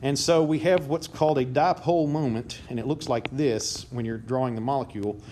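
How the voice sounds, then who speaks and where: A man's voice: mid-range voice, fairly even intonation, fairly quick, dark tone. A man giving a chemistry lecture to a class, quizzing students and joking as he goes. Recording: noisy classroom recording.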